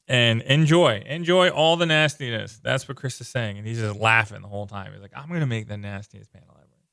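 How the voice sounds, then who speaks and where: A man casually walking through comic book pages, excited and loose, leaning on "like" and repeating himself. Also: mid-range voice, creaky, no echo, clean studio sound. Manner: enthusiastic, loose, repeats words, lots of "like". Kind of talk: casual page-by-page comic commentary.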